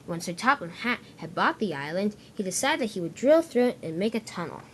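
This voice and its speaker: A woman's voice: mid-range voice, sing-song, a little fast, slight background noise. A woman narrating an improvised toy-train story, restarting words as she goes.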